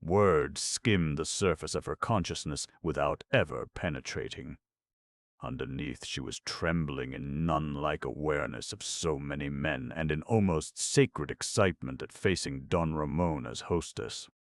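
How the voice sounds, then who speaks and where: A man narrating a novel as an audiobook, in a measured, unhurried reading. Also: extremely low pitch, creaky, no room sound.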